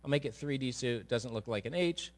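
A man preaching a sermon, telling a story and sketching on a board as he speaks, dropping low during the story and rising forcefully. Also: expressive, a little fast. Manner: drops to a low murmur while telling a story, then rises forcefully. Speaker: pastor.

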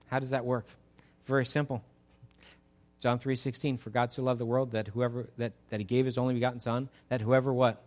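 A man preaching a sermon as pastor, swinging from loud exhortation to soft pleading, speaking to a church congregation. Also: medium pitch. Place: church sanctuary.

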